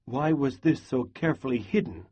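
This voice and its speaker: A husky-voiced man playing a harsh, scornful German soldier, speaking slowly and mockingly. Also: mid-range voice, animated, muffled recording. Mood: suspicious.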